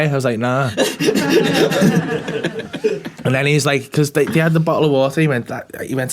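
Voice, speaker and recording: A man's voice: medium pitch, steady tone, fairly quick, pauses often, background noise. A man co-hosting a podcast, telling a story in casual chat, swearing freely and laughing through it. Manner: swears a lot, laughs through his stories, mimics people he quotes. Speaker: podcast co-host.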